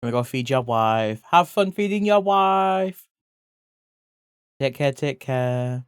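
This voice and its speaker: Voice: medium pitch, takes it slowly, clean tone, dry recording. Chatty streamer with a dry close sound. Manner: chatty, swears casually, bursts into excited yelps. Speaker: livestreamer. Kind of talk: casual chat while drawing.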